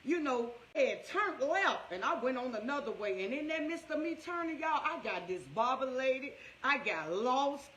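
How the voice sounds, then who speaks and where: High bright St. woman storyteller. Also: moderate pace, few pauses, roomy sound, slight background noise. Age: 50s. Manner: animated, laughs through emotional memories. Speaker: motivational ministry speaker. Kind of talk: personal storytelling on a livestream.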